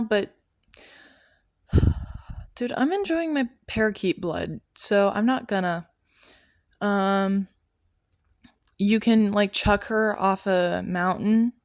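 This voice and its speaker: Female podcast host in a prophet persona, rambling and offhand, mid pitch, dry room. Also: no echo. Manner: rambling, offhand, full of "um" and "like", tangents. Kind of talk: rambling comedic monologue.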